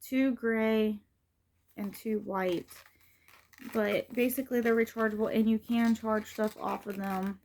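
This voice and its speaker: A woman's voice: fairly high pitch, fairly even intonation, a little slow, darkish tone, a little hiss or hum. A middle-aged woman vlogging in a casual, rambling way, with many fillers and restarts. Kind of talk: casual rambling vlog talk.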